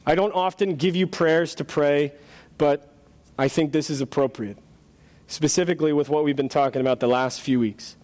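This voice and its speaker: A man's voice: fairly high pitch, moderate pace, darkish tone. A man preaching a sermon in a church, retelling a story and speaking in an earnest, dramatic way. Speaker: pastor. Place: church sanctuary.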